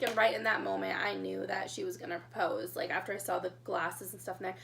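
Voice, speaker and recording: A young woman telling her engagement story in a casual storytime vlog, chatty and excitable, getting emotional as she talks. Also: medium pitch, fast, vocal fry, slight background noise. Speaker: vlogger.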